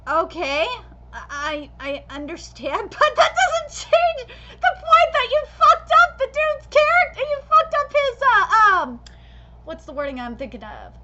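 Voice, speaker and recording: Brief: woman streamer, very high sharp voice, profane heated critique, lo-fi recording. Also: sing-song, measured pace, a little hiss or hum. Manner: passionate, profane ranting critique. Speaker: anime reaction streamer. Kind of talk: live reaction commentary.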